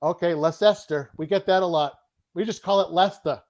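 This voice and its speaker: A man with a Boston accent and a high-pitched voice hosts a live online chat over a video call. He is upbeat and repeats his key words as he quizzes his guest. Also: steady tone, fast, darkish tone. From Boston, USA. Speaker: host.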